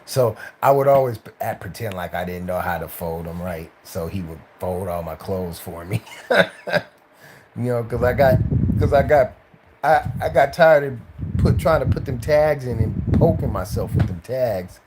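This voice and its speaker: Late at night and worn out, this actor recounts career stories on a laid-back live stream against a noisy background. His voice is on the low side and expressive at normal speed, and he rambles through fillers and restarts while imitating the voices of others.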